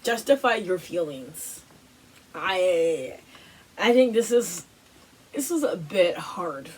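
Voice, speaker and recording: A woman hosting a wellness workshop, giving a casual motivational talk full of "like" and "you know", with animated, repetitive phrasing. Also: fairly low pitch, slow pace, slightly rough, recorded from a distance, poor audio.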